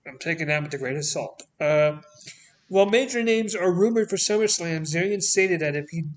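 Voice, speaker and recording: A man's voice: a little high, animated, normal speed. A man with a Canadian accent hosting a casual podcast, reading news items aloud with blunt, sweary, sarcastic asides. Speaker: podcast host.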